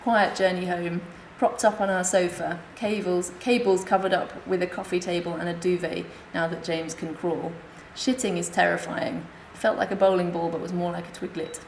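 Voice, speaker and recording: A woman speaking at a conference, reading her comic memoir aloud in a wry, deadpan way. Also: on the low side, moderate pace, few pauses. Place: hospital conference room. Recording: echoey lecture room, faint hiss.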